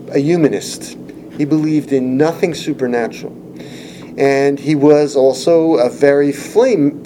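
A man's voice: a little high, noisy background. A man preaching a Bible-teaching sermon, earnest and explanatory, rising to emphasis when he quotes scripture.

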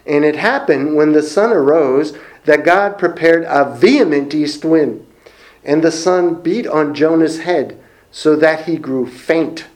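Middle-aged male preacher, fairly high voice, earnest and reflective delivery. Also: darkish tone. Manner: earnest, reflective, with pauses and repeated phrases. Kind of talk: sermon.

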